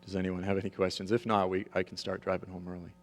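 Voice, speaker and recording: A man's voice: deep voice, flat delivery, quick pace, slight background noise. A man in his thirties or forties preaching a sermon emphatically, checking the audience's agreement, in a large hall with long reverb. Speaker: preacher and author.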